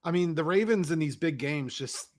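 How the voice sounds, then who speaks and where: A man co-hosting a podcast, talking through sports in a steady, analytical, casual way. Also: on the high side, moderate pace, a little hiss or hum. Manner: steady, analytical, rambling fan commentary. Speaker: podcast co-host. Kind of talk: casual chat.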